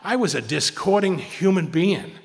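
A man's voice: high voice, lively intonation, normal speed, gravelly. A man speaking informally at a recovery meeting, rambling with many restarts and repeated words, and often slipping into other people's voices. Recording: long hall reverb.

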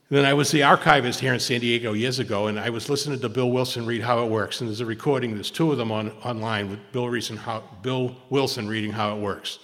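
A man shares at a recovery meeting, rambling and restarting his sentences and repeating words as he goes. His voice sits at an ordinary middle pitch, and it rings with a long reverb from the hall he speaks in. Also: fairly even intonation, quick pace, hardly any pauses, fairly bright tone. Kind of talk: informal talk at a recovery meeting.

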